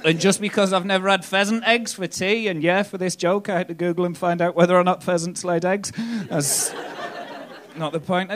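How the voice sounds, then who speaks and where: A man's voice: sits high, fairly even intonation, a little fast, fairly bright tone, slight background noise. Cheeky northern English stand-up man. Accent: northern English, Hartlepool. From northeast England. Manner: cheeky, swearing, chatty asides with "right?". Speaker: stand-up comedian. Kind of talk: live stand-up set. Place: comedy club stage.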